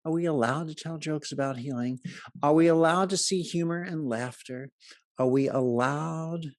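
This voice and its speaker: A man tells jokes and anecdotes to a live audience in a chatty, amused way. His voice has a gravelly, fry-edged texture. The sound is dry and close, with no room echo. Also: a little high, normal speed. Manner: joking, chatty storyteller who laughs at his own stories. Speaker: speaker presenting to a live audience. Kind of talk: humorous talk with anecdotes and jokes. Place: live event before an audience.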